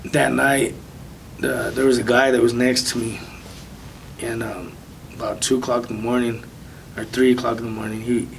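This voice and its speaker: Soft-spoken man telling his story. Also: mid-range voice, level tone, vocal fry, recorded from a distance, slight background noise, poor audio. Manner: soft-spoken, halting, many ums. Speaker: interview guest. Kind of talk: personal testimony.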